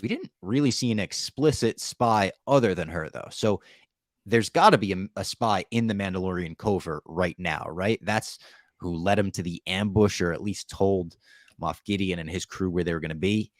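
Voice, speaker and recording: A man co-hosting a podcast, casually recapping a TV episode in an animated way with some laughter. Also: deep voice, normal speed, dry recording, studio quality. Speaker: podcast co-host. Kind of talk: casual show recap chat.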